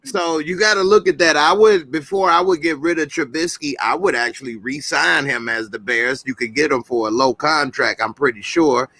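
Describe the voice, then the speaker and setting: A man with a fairly high, bright, forceful voice hosts a call-in show. He argues his sports opinions in an animated, slangy way. The sound is dry and close, with no room echo. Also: moderate pace, few pauses. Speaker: host.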